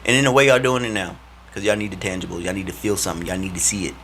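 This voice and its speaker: A man giving a casual, animated faith talk to his followers in a slangy, preachy way. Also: sits low, rapid-fire, slight background noise. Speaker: vlogger.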